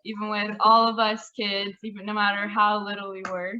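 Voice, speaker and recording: Bright-voiced woman telling family stories. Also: medium pitch, brisk. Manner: animated, laughing as she tells stories. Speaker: family member sharing memories. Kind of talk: casual storytelling. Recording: slightly muffled audio.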